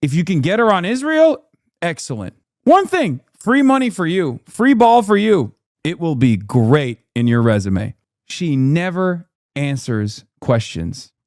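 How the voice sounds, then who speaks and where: A man's voice: fairly high pitch, sing-song, measured pace, a little mellow, no room sound, clean studio sound. A man giving blunt, profane, exasperated commentary on a live-stream reaction show. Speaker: political commentator.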